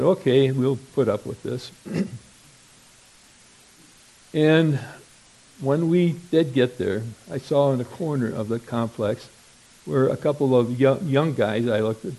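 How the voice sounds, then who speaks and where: An older man from Wisconsin telling a rambling, self-deprecating humorous story at a podium, clearing his throat now and then. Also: medium pitch, mellow, low-quality recording.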